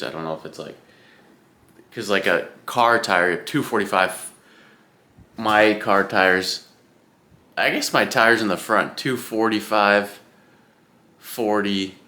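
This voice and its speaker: A man's voice: deep voice, unhurried, pauses often, bright, forceful tone. A young man vlogging about his Ironman training, chatting casually at home in front of his camera, rambling and swearing freely as he rants.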